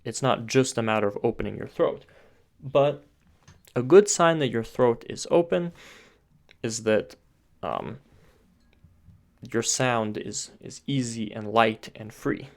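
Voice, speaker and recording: A man's voice: medium pitch, animated, takes it slowly, creaky, long pauses. A man giving an online voice lesson, explaining patiently step by step with occasional filler words. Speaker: voice teacher.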